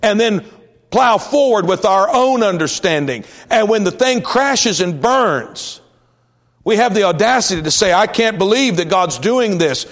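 A male pastor preaching a sermon, swinging from raised emphasis to hushed, slow storytelling. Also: high-pitched, lively intonation.

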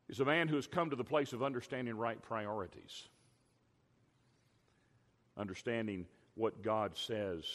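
An older man preaching a sermon as a pastor, emphatic, drawing out key words slowly. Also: on the low side. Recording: long hall reverb.

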